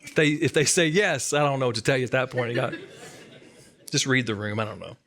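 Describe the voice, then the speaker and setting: A man's voice: mid-range voice, fairly quick, a bit bright. A man giving a sermon as a church's student ministry coordinator, conversational and emphatic, repeating key lines and adding light humor.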